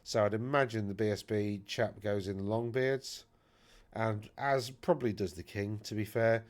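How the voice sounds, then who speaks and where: A man's voice: fairly low pitch, steady tone, moderate pace. A man hosting a wargaming channel, casually talking through tournament army lists in a rambling, chatty way that often corrects itself. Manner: rambling, chatty, self-correcting with many fillers.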